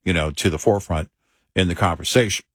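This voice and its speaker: Low-voiced man, hesitant co-host. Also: no echo, clean studio sound. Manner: hesitant, measured, with many fillers. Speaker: talk show co-host. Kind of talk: casual political talk.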